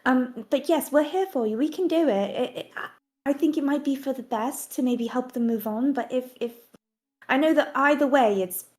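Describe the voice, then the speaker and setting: A woman voicing a compassionate adventurer with a put-on accent, gentle and reassuring toward a friend in a tabletop role-play. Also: sits high, normal speed, close to an everyday voice. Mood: tender.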